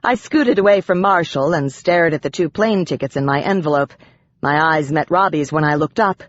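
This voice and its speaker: An audiobook narrator reading a dark urban fantasy in the first person with a wry, dry storytelling manner. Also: medium pitch, normal speed, lo-fi sound, a little hiss or hum.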